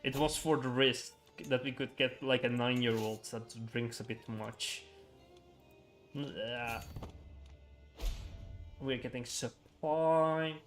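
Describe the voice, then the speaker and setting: A man's voice: mid-range voice, fairly even intonation, slow pace, long pauses, soft background music. A young man chatting casually on a gaming livestream, rambling with frequent chuckles and filler words.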